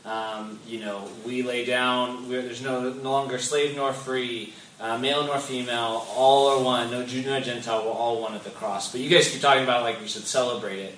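A man's voice: mid-range voice, steady tone, normal speed, hardly any pauses, fairly bright tone, a little hiss or hum. A man hosting a faith discussion, asking his questions carefully and with some hesitation. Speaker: host. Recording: roomy, distant mic.

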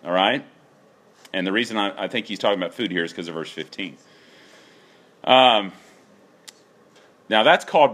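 A male pastor delivers a sermon. His pitch swings widely as he builds to emphatic exclamations. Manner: animated, emphatic preaching with rising exclamations.

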